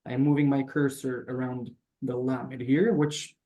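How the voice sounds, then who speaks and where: A man teaching a beginner language class over a video call, patiently explaining each step and sounding out words slowly. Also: medium pitch, flat delivery, mellow, reverberant. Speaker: Hebrew teacher.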